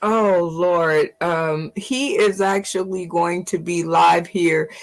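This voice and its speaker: A man's voice: high voice, takes it slowly, very noisy. A man hosting a casual live stream, reacting to a clip with surprised exclamations.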